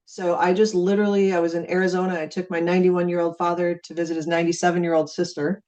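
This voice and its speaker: A woman's voice: lowish voice, little pitch movement, fast, dark tone, muffled recording. A middle-aged woman from Minnesota giving a casual training talk on network marketing, chatty and acting out conversations. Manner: chatty, acts out conversations with friendly repeated phrases. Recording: speaking far from the mic.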